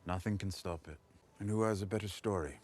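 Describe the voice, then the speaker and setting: Shrewd drama adviser: very low voice, measured, persuasive. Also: male voice, a little mellow. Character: shrewd, wry male royal adviser. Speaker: actor in a TV drama clip.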